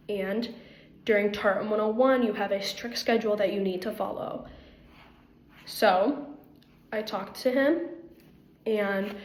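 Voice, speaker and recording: A woman's voice: medium pitch, echoey room, a little hiss or hum. A young adult woman giving earnest, rambling interview answers as an applicant for a campus guide role, with frequent fillers. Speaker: applicant for first year guide.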